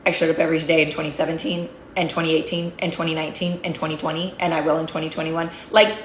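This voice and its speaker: A woman's voice: low voice, level tone, fast talker, slight background noise. A woman coach giving an emphatic, fired-up motivational talk, repeating phrases to drive her points home. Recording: roomy echo.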